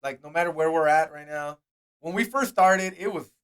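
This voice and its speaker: A man's voice: a little high, moderate pace, a bit bright, clean tone. A man hosting a casual podcast interview, asking loose, laid-back questions. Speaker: podcast host.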